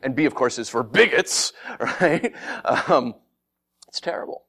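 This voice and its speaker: A man preaching a sermon as pastor, animated and fond of acting out mocking voices, with frequent laughs. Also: mid-range voice, a little slow.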